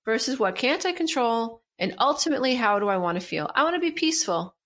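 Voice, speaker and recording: A woman's voice: fairly high pitch, very animated, quick pace, a bit bright. A middle-aged woman, a guest coach in an interview, talking emphatically and repeating her key phrases with animation. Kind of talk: interview conversation.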